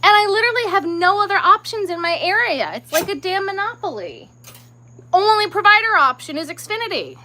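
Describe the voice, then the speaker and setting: Woman streamer, casual rant, animated and bright-toned, exasperated asides. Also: very high voice, fairly quick, low-quality recording. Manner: ranting, exasperated, drops to muttered whispers. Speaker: crochet livestream host. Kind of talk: casual livestream chat.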